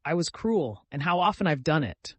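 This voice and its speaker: A timid young woman on the edge of tears, earnest and pleading, her voice lifted high and pushed loud with distress, as a male narrator voices her. She talks with a dry, close closeness, no room around her. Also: big pitch swings, normal speed, husky, no room sound.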